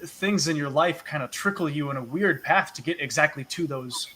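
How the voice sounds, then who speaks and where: Young guy hosting a stream, bright sharp voice, kinda high, faint hiss behind him. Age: 20s. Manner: eager, quick, brief backchannels. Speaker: podcast host. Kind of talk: casual live-stream interview.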